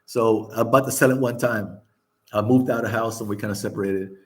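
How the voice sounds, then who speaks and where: An older man hosting a vlog keeps things casual and candid, laughing often, swearing, and repeating himself. He talks briskly in a lowish, steady voice.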